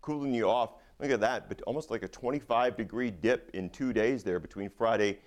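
A man's voice: mid-range voice, a little fast. A man giving a conversational weather forecast, with a few fillers.

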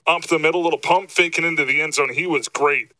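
A man hosting post-game football coverage, his bright, forceful voice close and dry on the mic. He talks slightly out of breath, with energy that lifts on each highlight. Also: quick pace, no echo, rough recording. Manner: energetic, rising excited pitch on highlights. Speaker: play-by-play sportscaster.

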